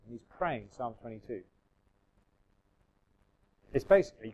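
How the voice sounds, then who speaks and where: A man's voice: on the high side, lively intonation, moderate pace, long pauses, a little mellow, poor audio. A man preaching a sermon in a conversational way, reading scripture aloud and musing with restarts and asides to the congregation.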